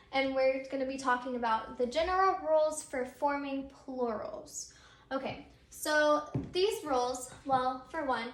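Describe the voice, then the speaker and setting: A woman's voice: high-pitched, a bit bright. A woman teacher explaining grammar step by step, repeating her points with frequent ums. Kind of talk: recorded grammar lesson. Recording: echoey room.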